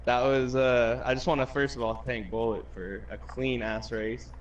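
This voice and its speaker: A male race driver answering post-race questions in a quiet, casual way. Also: medium pitch, fairly even intonation, normal speed, lo-fi sound, background noise. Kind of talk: post-race interview over voice chat.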